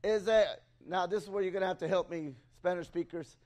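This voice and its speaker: A man preaching an excitable sermon in a church, pausing for a live interpreter and calling out to the congregation. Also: high voice. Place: church sanctuary.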